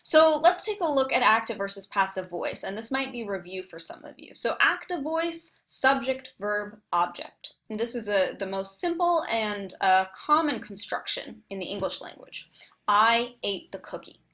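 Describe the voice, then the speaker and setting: Woman instructor, mid pitch, patient and clear, writing workshop lesson, occasional ums. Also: animated, moderate pace, hardly any pauses, a bit bright. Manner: clear, patient explaining with frequent fillers. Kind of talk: recorded online writing workshop.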